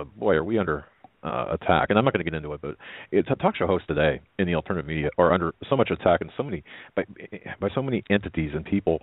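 A man hosting a talk radio show, halting and often repeating his words. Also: low-pitched, no room sound, phone-quality sound.

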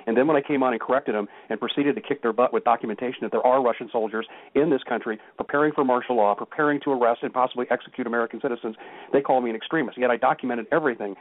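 A man's voice: medium pitch, no room sound. A man speaking as a guest on a call-in talk show, telling stories with emphasis. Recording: tinny phone line.

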